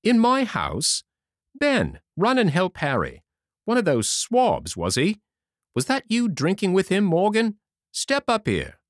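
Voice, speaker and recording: A man putting on a bluff, loud one-legged pirate landlord for a storybook reading, his voice leaping up and down as he barks questions. Cunning and hearty, he rules his tavern with a big, swinging delivery, heard close and dry. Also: a little high, wildly swooping pitch, normal speed, no room sound, pitched above the performer's own voice. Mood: excited.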